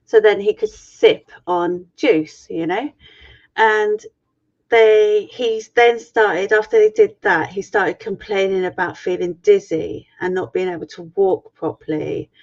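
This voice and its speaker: A woman's voice: on the low side, fairly even intonation, measured pace, a little mellow. A middle-aged woman on a video call, frankly and swearily retelling an ordeal in a personal story. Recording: muffled lo-fi stream audio.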